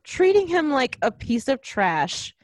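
A woman's voice: high voice, slow pace, dry recording. A woman ranting in casual chat about a film, acting out lines as she goes. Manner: ranting, animated, acts out quotes.

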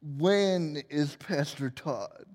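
A man's voice: fairly high pitch, drawn-out words, darkish tone, long reverb tail, voice pushed down. A man putting on a chirpy female TV interviewer who says her r's and l's as w's. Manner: mispronounces r and l sounds as w.

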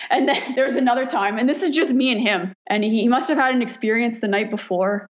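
A woman firefighter from Canada telling stories in a casual interview, frank and quick to laugh, swearing freely. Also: a little high. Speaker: firefighter guest. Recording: dull lo-fi recording.

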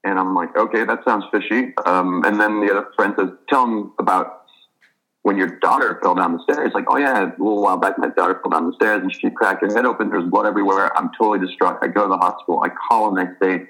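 A man, an author trained as a physician, talking thoughtfully in an interview and telling a story in a measured way. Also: low voice, bright, forceful tone, rough recording. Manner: thoughtful, measured, with fillers and restarts.

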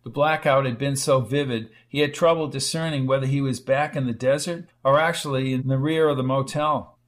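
A man narrating a dramatic science fiction audiobook in a measured reading. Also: mid-range voice, steady tone. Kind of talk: scripted narration.

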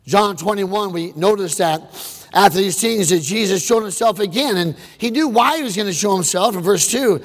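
Dramatic preacher in a reverberant hall. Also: male voice, sits high, normal speed. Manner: dramatic, swings from shouting to hushed, asks the crowd questions. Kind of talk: sermon storytelling.

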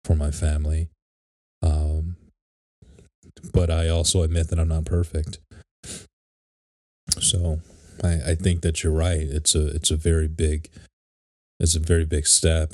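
A man with an extremely deep, dark voice speaks in a flat, even way, earnest and reflective in casual conversation. The sound is dry and close. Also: no room sound. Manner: earnest, reflective, talks about faith and honesty. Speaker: podcast co-host. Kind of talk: casual chat.

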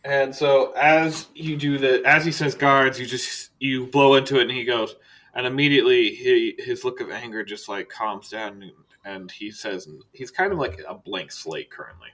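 Bright-voiced man running a tabletop game. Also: mid-range voice, moderate pace. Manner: easygoing, laughing narration. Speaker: game master.

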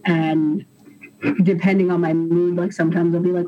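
A young adult graduate student on a panel, telling personal stories in a relaxed way. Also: mid-range voice, moderate pace, lo-fi sound. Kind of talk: panel discussion.

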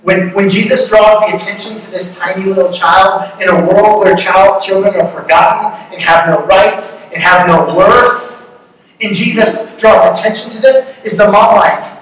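A man's voice: high voice, steady tone, moderate pace, fairly bright tone. Man preaching in an echoey hall. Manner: conversational, joking, rhetorical questions. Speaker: pastor. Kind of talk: sermon. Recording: echoey hall, distant mic, faint noise.

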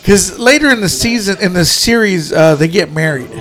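A man co-hosting a casual podcast, reacting to a TV show, swearing freely and slipping into quick silly impressions. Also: high-pitched, expressive, fairly bright tone. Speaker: podcast co-host. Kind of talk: casual chat watching a TV show.

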